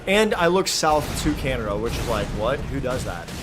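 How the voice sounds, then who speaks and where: A man from Michigan with a Michigan accent, chatting with his viewers and reacting loudly while live-streaming a game. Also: mid-range voice, very animated, moderate pace, heavy background noise. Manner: chatty, joking with chat, loud outbursts.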